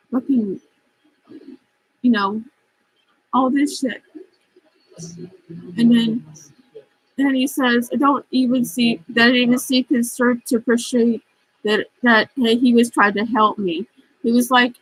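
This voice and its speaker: A woman's voice: a little high, fairly bright tone, slightly rough, no echo, rough recording. A woman vlogging casually, reading out chat messages and venting in a frustrated, profane, rambling way while upset and stressed.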